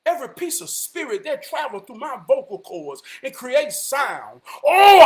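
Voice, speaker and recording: A man giving an impassioned, preachy monologue that swings between shouting and low muttering, repeating phrases for emphasis and cursing often.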